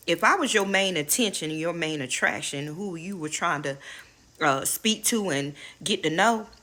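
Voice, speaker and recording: Middle-aged woman, spiritual advisor vlog, candid and preachy, low pitch, bright tone. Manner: candid, preachy, swears freely, addresses viewers as y'all. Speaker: spiritual advisor and channel host. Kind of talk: casual inspirational talk to viewers.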